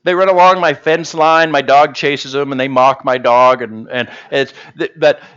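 A man's voice: mid-range voice, normal speed, clean tone, highs cut off. A man preaching a sermon to his congregation in a casual, conversational way, joking with them as he goes. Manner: humorous, conversational, animated. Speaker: pastor. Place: church service.

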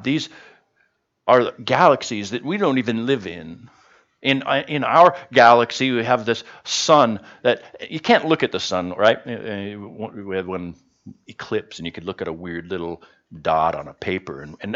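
Animated pastor with a lively, joking sermon. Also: male voice, mid-range voice, normal speed, muffled recording. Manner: humorous, conversational, animated. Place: church service.

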